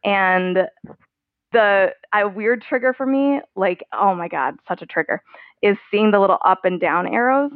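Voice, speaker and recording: A woman's voice: medium pitch, animated, unhurried, no room sound. A woman guest in a podcast interview, talking candidly and chattily with frequent laughs. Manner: candid, chatty, laughs often, many "like" fillers. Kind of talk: conversational interview. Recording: tinny phone-like line.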